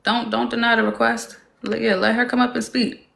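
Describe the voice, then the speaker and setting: A woman's voice: a little high, flat delivery, brisk, creaky, a bit bright. A woman hosting a casual live stream, talking in a defiant, drawling way. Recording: roomy echo with faint noise.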